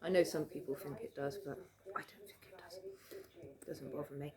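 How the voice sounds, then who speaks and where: British woman, casual vlog chat, rambling, lowish voice, home room. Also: normal speed, crowd noise. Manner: chatty, rambling, lots of fillers and small laughs. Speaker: vlogger. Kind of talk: casual show-and-tell chat.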